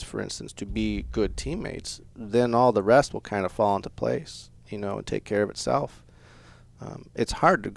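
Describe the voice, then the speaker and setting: A man's voice: lowish voice, gravelly, no room sound. A man who coaches youth sports and teaches, answering a podcast host's questions earnestly. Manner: earnest, agreeable, laughs easily. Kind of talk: casual interview chat.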